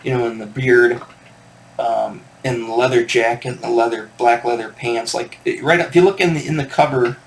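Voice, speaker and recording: A man's voice: medium pitch, fairly even intonation, moderate pace, gravelly. A man hosting a record collector channel, telling a rambling, digressive story in casual chat to camera.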